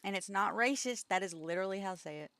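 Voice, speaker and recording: A woman's voice: mid-range voice, fast talker, fairly bright tone. A woman co-hosting a game stream from home, telling a rambling story in casual chat and breaking into giggles. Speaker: streamer co-host.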